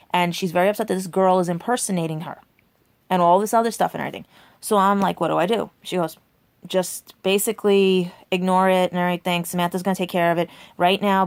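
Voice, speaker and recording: In a mid-range voice with no room sound, a woman in her forties vlogs a rambling personal story to her viewers. Her talk is chatty, peppered with asides like "right?" and "and everything."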